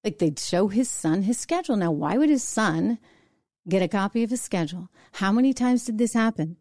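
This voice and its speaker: A middle-aged woman hosts her own commentary show, firing off indignant rhetorical questions with a sarcastic edge. Her voice sits at an ordinary pitch and is recorded close and dry, with no room sound. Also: lively intonation, a little fast, darkish tone, dry recording. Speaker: show host. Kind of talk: opinion commentary monologue.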